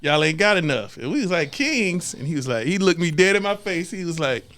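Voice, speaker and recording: A high-pitched man whose voice leaps around as he spins a story for friends. He acts out the people in it with quick shifts of voice. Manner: animated storyteller who mimics people. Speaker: podcast co-host. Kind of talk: casual storytelling among friends.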